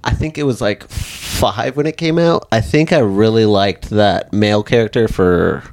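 A man's voice: fairly low pitch, unhurried, darkish tone. A young man co-hosting a casual comedy podcast, candid and rambling, laughing often as he talks. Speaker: podcast co-host.

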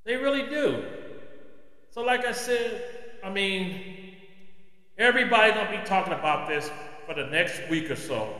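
A man's voice: high-pitched, very animated, normal speed, long pauses, sharp tone. A man hosting his own podcast, delivering an impassioned, preachy opinion monologue. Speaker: podcast host. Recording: echoey room with long reverb.

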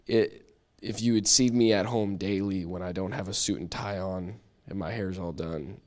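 A man's voice: deep voice, fairly even intonation, normal speed, a little mellow. A man teaching a Bible study lesson in a chatty, self-deprecating way, often restarting his sentences. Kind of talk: casual church teaching.

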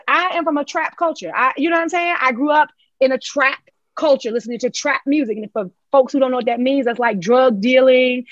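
A woman's voice: sits high, dry recording, muffled recording. A woman from Charlotte with a North Carolina Southern accent, talking as a podcast guest in an emphatic, passionate way, often tagging "right?". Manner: emphatic, passionate, tag questions. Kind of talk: podcast conversation.

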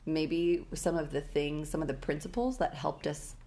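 A woman's voice: low voice, moderate pace. A young woman co-hosting a casual faith podcast, telling stories with lots of fillers. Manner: animated storyteller, acts out her past panic with laughing and shouting. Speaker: podcast co-host.

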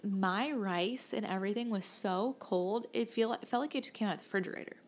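A woman's voice: medium pitch, fairly quick, slight background noise. Rambling young woman with a Southern twang. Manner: rambling storyteller, laughs easily. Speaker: podcast co-host. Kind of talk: casual chat.

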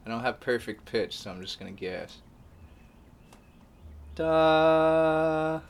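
A man as a guest in a casual chat, relaxed and laughing often. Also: on the low side, a little fast, vocal fry, husky.

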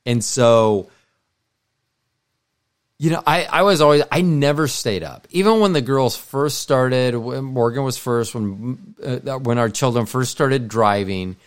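Middle-aged man, podcast co-host, average-pitched voice, chatty and digressive with lots of restarts. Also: lively intonation, a little slow, clean tone. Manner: meandering, frequent restarts and self-corrections. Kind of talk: casual rambling monologue.

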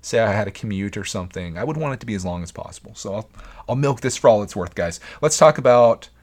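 Lower-voiced man hosting a rambling podcast. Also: expressive, fast. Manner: rambling, earnest, frequent restarts. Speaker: podcast host. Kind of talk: casual solo podcast talk.

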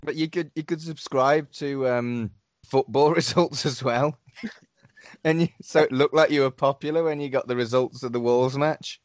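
Man, 40s, wry sweary podcast co-host, mid pitch, dry. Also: steady tone, normal speed, no echo. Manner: wry, sweary, self-mocking. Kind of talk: casual chat.

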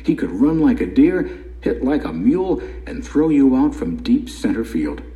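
A man's voice: medium pitch, sing-song, normal speed, warm tone, highs cut off, pitched above the performer's own voice, natural voice. Man voicing an emphatic older baseball mentor. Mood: reminiscing. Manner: emphatic, questioning, firm. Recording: roomy echo.

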